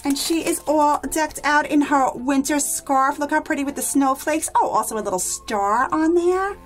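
A woman's voice: sits high, moderate pace, faint music behind. A woman hosting a toy unboxing vlog, gushing with enthusiasm and talking to her viewers as guys. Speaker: toy unboxing channel host.

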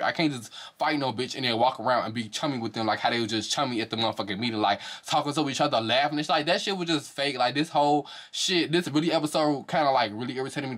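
A man giving a casual, profane, animated review of a reality show to his viewers. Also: medium pitch. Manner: profane, animated, exaggerated reactions.

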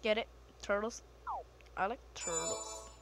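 A woman giving excitable let's-play commentary, often exclaiming and swearing at the game. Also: medium pitch, measured pace, gravelly, noisy background. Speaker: gamer.

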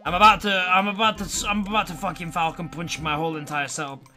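A man streaming a game live, excitable and swearing as he reacts and talks to his chat. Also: high voice, fast talker, music in the background. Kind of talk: live gameplay commentary to chat.

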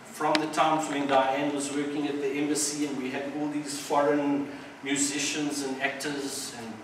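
A man's voice: on the high side, little pitch movement, moderate pace. A man giving an informal community speech with a joke, hesitant, with many ums and restarts. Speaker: community speaker. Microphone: distant mic. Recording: echoey hall from far off with background noise.

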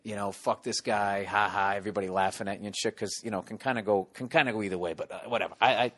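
A man's voice: fairly low pitch, quick pace, no room sound. Profane storytelling man, dry studio sound. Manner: profane, animated storyteller acting out voices. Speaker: podcast host telling a stand-up story. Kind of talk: casual storytelling chat.

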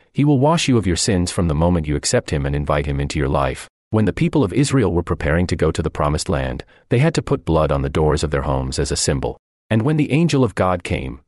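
Deep-voiced man preaching earnestly. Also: a little mellow, no room sound, studio quality. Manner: earnest, emphatic preaching with repeated phrases. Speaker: voice of a translated sermon. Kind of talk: radio sermon.

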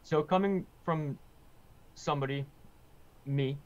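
A man's voice: on the high side, slow pace, dull audio, soft background music. A man calling in with a question, speaking hesitantly with fillers. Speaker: caller asking a question.

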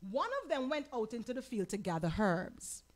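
A woman pastor with a Caribbean accent teaching a Bible lesson, animated, asking the audience questions and acting out quoted lines. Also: fairly high pitch, moderate pace. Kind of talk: sermon-style Bible teaching.

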